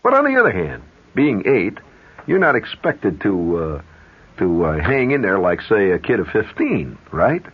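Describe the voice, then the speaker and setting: A husky male radio host whose voice leaps up and down as he spins a rambling yarn and breaks off for asides. The sound is dull and muffled, like an old 1970s radio broadcast. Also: fairly low pitch, wildly swooping pitch, measured pace. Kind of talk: storytelling monologue on radio.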